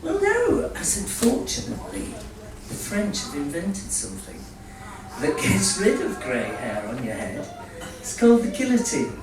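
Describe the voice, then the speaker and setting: A man's voice: a little high, big pitch swings, moderate pace. A middle-aged man from Scotland with a Scottish accent, telling jokes in a stand-up comedy set, full of ums and chuckling at his own lines. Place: small comedy venue with a live audience. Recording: roomy venue recorded from a distance, audience noise.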